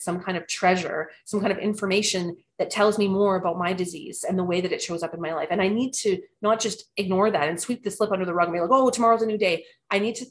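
A woman in her thirties, telling her recovery story in an earnest, reflective way, often restarting her sentences. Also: fairly low pitch. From Canada. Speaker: recovery program member sharing her story. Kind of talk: personal recovery testimony.

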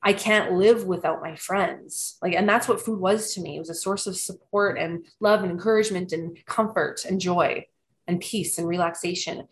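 A woman's voice: fairly low pitch, steady tone, normal speed. A woman in her thirties, telling her recovery story in an earnest, reflective way, often restarting her sentences. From Canada. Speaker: recovery program member sharing her story. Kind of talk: personal recovery testimony.

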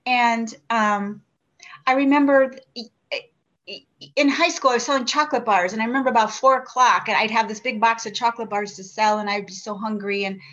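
A woman's voice: fairly high pitch, fairly even intonation, fairly quick, a bit bright. A woman in her sixties giving an earnest, reflective personal share at a recovery meeting. She often restarts and asks herself questions. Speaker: member sharing at a recovery meeting. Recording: dull lo-fi recording.

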